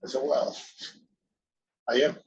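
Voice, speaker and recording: A middle-aged man, an actor and wrestler, chatting as an interview guest, acting out the voices of people in his stories. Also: slow pace. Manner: animated, acts out others' voices in his anecdotes. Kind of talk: casual storytelling chat. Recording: dull, muffled audio.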